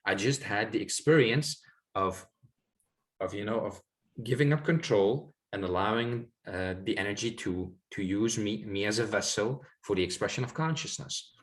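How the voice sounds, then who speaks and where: A man in casual conversation recounting a spiritual experience, reflective and rambling, full of fillers and repeated words. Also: lowish voice. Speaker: guest sharing spiritual experiences.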